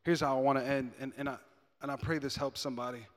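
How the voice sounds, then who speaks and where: A man preaching a sermon as pastor in a church, switching between loud, impassioned stretches and hushed ones and repeating his phrases. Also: mid-range voice, steady tone, fast, in a large hall. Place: church sanctuary.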